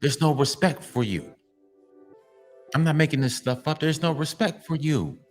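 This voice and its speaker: A man's voice: on the high side, animated, moderate pace, soft background music. A man hosting his own commentary channel, giving a blunt, profane monologue to men and repeating his points for emphasis. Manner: emphatic and repetitive, lecturing.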